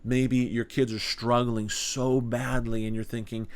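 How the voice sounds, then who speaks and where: A man's voice: medium pitch, level tone, unhurried, hardly any pauses. A man with a mid-range voice teaches a small group Bible study. His delivery is earnest and conversational, and he leans on rhetorical questions.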